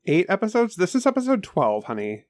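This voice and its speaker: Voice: medium pitch, wildly swooping pitch, brisk, darkish tone, dry recording, studio quality. A podcast co-host in casual chat, teasing and blunt.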